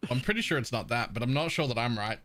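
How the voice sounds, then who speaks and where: A man's voice: mid-range voice, expressive, fast talker, fairly bright tone, slight background noise. Blunt man hosting a game stream. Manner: blunt, offhand, swears. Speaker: streamer host. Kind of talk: casual chat on a live stream.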